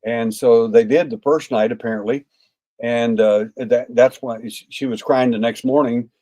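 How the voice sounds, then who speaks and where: A man's voice: mid-range voice, fairly even intonation, normal speed, mellow. A man in his sixties, a podcast guest telling a story in a folksy way, full of "uh" fillers and acted-out dialogue. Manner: folksy, acts out quoted dialogue, frequent "uh" fillers. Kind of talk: anecdotal storytelling.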